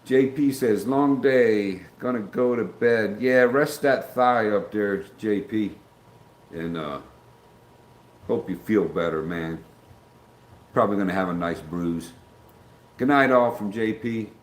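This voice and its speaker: A man's voice: on the low side, slow pace, pauses often. A middle-aged man hosting a casual livestream, rambling as he greets chat viewers by name. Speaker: livestream host. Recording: roomy with faint background ambience.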